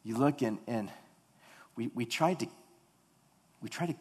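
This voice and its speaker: A man in his thirties preaching a sermon, earnest, rising to loud emphatic peaks and dropping to quiet storytelling. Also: fairly high pitch, animated, moderate pace, long pauses, breathy edge. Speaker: pastor. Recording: long reverb of a large hall.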